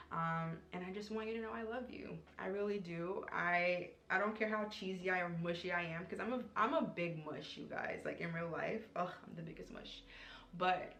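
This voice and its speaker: Earnest woman with a low, gravelly voice. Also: a bit bright, reverberant. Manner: earnest and affectionate, repeating slow affirmations. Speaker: spiritual vlogger and card reader. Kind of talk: heartfelt direct-to-camera vlog talk.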